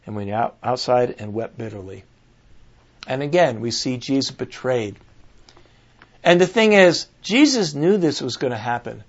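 A man preaching a sermon, reading scripture aloud and reflecting earnestly with pauses and restarts. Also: mid-range voice, expressive. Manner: earnest, pausing, restarts and fillers while reflecting. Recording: dull lo-fi recording.

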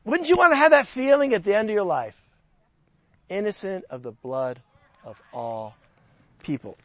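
High-voiced animated male pastor. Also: no room sound. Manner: animated, conversational, reads scripture with rising emphasis. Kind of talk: sermon.

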